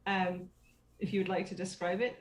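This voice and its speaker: A woman's voice: lowish voice, level tone, normal speed, reverberant, poor audio. A woman narrating as dungeon master in a tabletop game, hesitant with many fillers.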